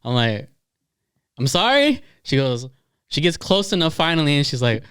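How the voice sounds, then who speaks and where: A young man co-hosting a podcast, telling a story in animated casual chat, swearing and laughing as he goes. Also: mid-range voice, brisk, clean tone, dry recording, studio quality. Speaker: podcast co-host.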